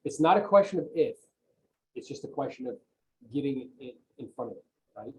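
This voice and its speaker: A man's voice: mid-range voice, expressive, brisk, a little mellow, slight background noise, rough recording. A man giving an emphatic, motivational coaching talk on a video call, often checking in with "right?". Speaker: real estate coach, guest on a video call.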